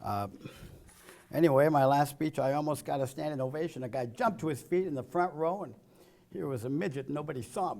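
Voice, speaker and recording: A man giving a political speech full of jokes and one-liners, chuckling at his own punchlines and swinging between loud quips and low, muttered asides. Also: vocal fry. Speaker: political speaker. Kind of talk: joke-filled political speech.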